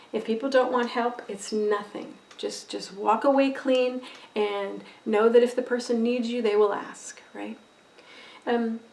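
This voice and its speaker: A woman teaching a recorded lesson on empathy, expressive and conversational, often checking in with "right?". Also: fairly high pitch. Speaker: empathy educator. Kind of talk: recorded lecture video. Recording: roomy echo, voice from a distance.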